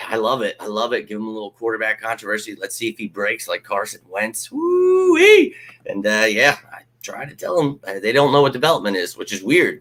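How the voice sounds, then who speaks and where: A man hosting a live fan stream, ranting casually, swearing freely and mocking critics. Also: lowish voice. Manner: animated, ranting, swears freely, mocks critics in put-on voices.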